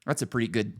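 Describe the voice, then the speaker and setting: Middle-aged male podcast host, crude mocking banter, lively pitch. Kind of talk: casual chat.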